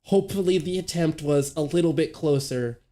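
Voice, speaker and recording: A man's voice: fairly high pitch, normal speed, mellow. Chatty young male sim-racing streamer. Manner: chatty, laughing, stumbling restarts. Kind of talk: casual live-stream chat. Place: home gaming setup, late night.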